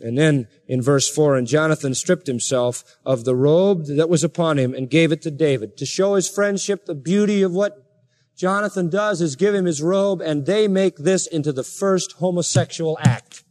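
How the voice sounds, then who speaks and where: Male preacher, sermon, high-pitched, emphatic, reads scripture aloud. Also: normal speed, darkish tone. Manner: emphatic, rising sharply when indignant; reads scripture aloud in King James wording.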